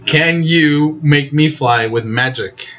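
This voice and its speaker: A man's voice: on the high side, slow. Goofy teasing man, lo-fi. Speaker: interviewer. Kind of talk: casual improv chat.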